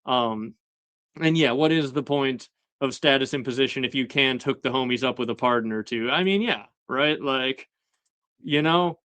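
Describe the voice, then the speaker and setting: Guy recapping a tv episode, relaxed and chuckly, lots of ums, dry close sound. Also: medium pitch, normal speed, clear, resonant tone, no room sound. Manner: relaxed, filler-heavy, chuckling asides. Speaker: show host. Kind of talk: casual episode recap chat.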